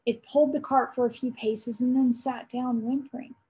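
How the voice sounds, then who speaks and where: High-voiced woman reading a storybook. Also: fairly even intonation, mellow, rough recording. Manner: storytelling, pausing to quiz listeners. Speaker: aunt reading aloud to children. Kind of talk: reading a chapter book aloud.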